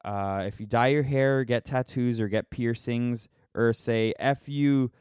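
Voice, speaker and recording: Man, casual vlog rant, sarcastic, rambling, smooth voice, dry sound. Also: medium pitch, steady tone, a little slow, a little mellow, no echo. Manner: sarcastic, rambling, self-mocking. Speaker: vlogger.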